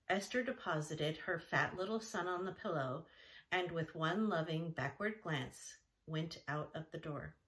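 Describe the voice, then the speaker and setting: A woman reading a classic children's novel aloud in a gentle, even narration. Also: low voice. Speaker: audiobook reader. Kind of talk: storybook narration.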